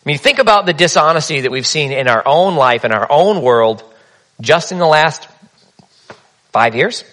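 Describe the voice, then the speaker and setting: A man's voice: fairly high pitch, lively intonation, normal speed, fairly bright tone. A man preaching a sermon in a conversational, humorous storytelling manner. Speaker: pastor.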